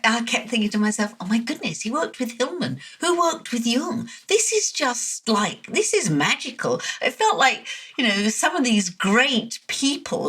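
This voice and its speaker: A woman co-hosting a podcast, talking in a casual, enthusiastic and expressive way. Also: mid-range voice. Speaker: podcast co-host.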